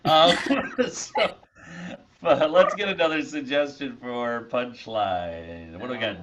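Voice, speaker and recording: A man hosting a virtual improv game, upbeat and quick to laugh. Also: mid-range voice, dull audio, background noise. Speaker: improv show host. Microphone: video call.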